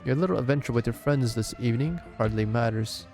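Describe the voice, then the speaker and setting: A man's voice: mid-range voice, fairly quick, a little mellow, faint music behind, natural voice. A man voicing a smug, scheming aristocrat, reading game dialogue aloud with mocking politeness. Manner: overly polite, mocking formality.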